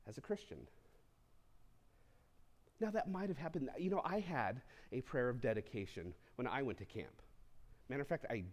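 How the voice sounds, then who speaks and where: A man pastor preaching a sermon, teaching through a text with casual asides to the congregation. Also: a little high.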